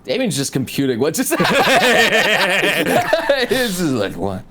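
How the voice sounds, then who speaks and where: A man's voice: sits high, very animated, takes it slowly, crowd noise. A man playing a tabletop game, talking expressively and swearing in character. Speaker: player. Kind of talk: tabletop role-play chat.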